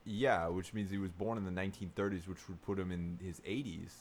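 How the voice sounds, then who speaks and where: Podcast co-host guy, lower voice, laying out his point calmly. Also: fairly quick, slight background noise. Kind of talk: casual chat.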